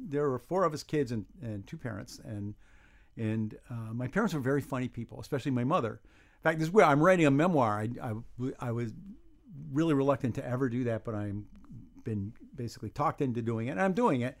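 An older man in his seventies, from New York, chats as a guest on a talk show. He tells long stories, full of restarts and dry jokes at his own expense, in a steady mid-pitched voice. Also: a little fast. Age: 70s. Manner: rambling, wry, self-deprecating, with restarts and chuckles. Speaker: guest, humor writer. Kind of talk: casual interview chat.

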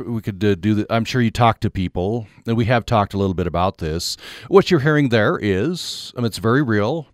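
A man hosting a public radio call-in show, talking in a halting way with many fillers. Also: lowish voice, no room sound, clean studio sound. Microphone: studio mic.

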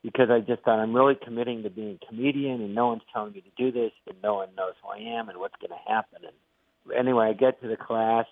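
An older man, a comedian being interviewed, telling stories in an animated way and acting out the voices he quotes. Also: on the low side, quick pace, dry recording. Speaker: guest comedian. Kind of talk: interview storytelling. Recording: tinny phone-like line, dry.

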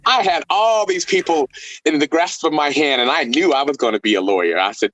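A middle-aged man from Texas, a violinist guest, telling stories in a casual interview with laughs and animated delivery. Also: a little high, fairly quick, no room sound, dull audio. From El Paso, Texas.

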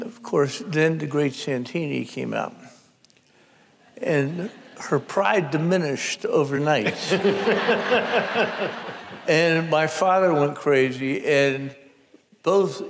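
An older man speaks slowly in a gravelly voice and tells his family stories with dry, self-deprecating humor. He is a novelist being interviewed in front of a live audience, and the recording carries a long hall reverb. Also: fairly high pitch. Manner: slow, wry storytelling with self-deprecating humor. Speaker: novelist guest. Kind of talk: public conversation storytelling. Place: live event before an audience.

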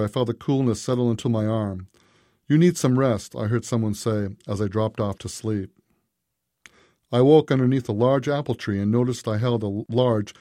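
A man reading a story aloud as narrator, in a measured, even way. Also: mid-range voice, no echo, clean studio sound. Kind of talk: scripted narration.

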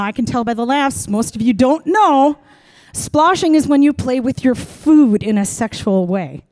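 A middle-aged woman doing stand-up storytelling, frank and animated, acting out the voices in her tale. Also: mid-range voice, dry recording, studio quality. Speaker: comedian.

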